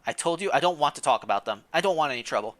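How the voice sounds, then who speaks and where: A man's voice: on the high side, lively intonation, racing, fairly bright tone. A man voicing a wary village baker woman. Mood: guarded.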